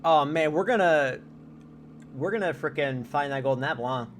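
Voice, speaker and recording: A man's voice: a little high, normal speed, slight background noise. A young man streaming a game from home on a desk mic, chatting casually, joking and often going off on tangents, with keyboard typing now and then. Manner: chatty, joking, easily sidetracked. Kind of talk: casual live-stream commentary.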